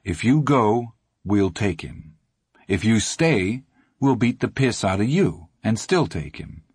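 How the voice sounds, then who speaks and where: A man reading an audiobook, voicing an older teenage gang leader who speaks patiently with quiet menace. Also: fairly low pitch, expressive, slow pace, breathy edge, no echo, studio quality, heavily acted. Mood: calm menace.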